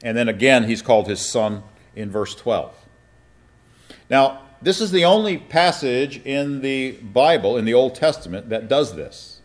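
A man's voice: medium pitch, animated, unhurried. A man preaching a sermon and teaching from Scripture, asking his congregation questions and reading passages aloud. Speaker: pastor. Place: church or meeting room with an audience.

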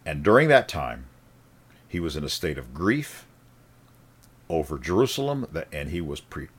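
Animated man preaching a sermon. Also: very deep voice, moderate pace, husky. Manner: animated, rising emphatic then dropping quiet.

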